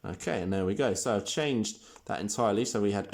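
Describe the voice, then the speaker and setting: Deep-voiced male teacher explaining slowly. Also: a little mellow. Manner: clear step-by-step explaining. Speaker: primary school teacher. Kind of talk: recorded online lesson.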